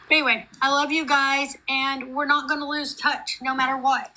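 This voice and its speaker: A woman's voice: sits high, level tone, normal speed, bright, forceful tone, rough recording. A middle-aged woman, chatting on a live stream call in a rambling, heartfelt, run-on way. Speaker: guest on a group live stream. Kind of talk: emotional casual chat.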